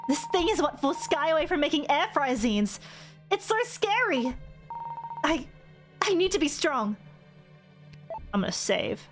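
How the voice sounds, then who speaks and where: A woman voices a timid young office worker from a game, nervous but earnest as she musters courage. The voice is high and light, with game music behind it. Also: sing-song, unhurried, long pauses. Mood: scared. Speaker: streamer voicing game characters.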